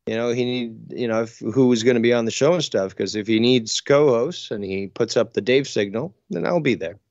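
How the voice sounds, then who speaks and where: A man's voice: mid-range voice, a little fast, a little mellow, dry recording. A man co-hosts a live comedy show in loose, rambling banter, trailing off and restarting as he swears his way through each thought. His voice sits in a middle register. The audio is muffled and dry, with no room sound at all. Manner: rambling, profane, hesitant restarts. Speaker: co-host. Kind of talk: casual call-in show banter.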